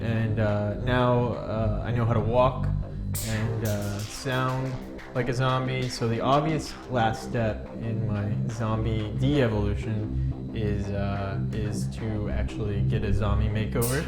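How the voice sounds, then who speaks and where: A woman hosting a casual video, talking in a relaxed way with lots of "uh" fillers. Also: a bass voice, slow. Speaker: video host. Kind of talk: casual on-camera presenting. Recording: loud music under the voice.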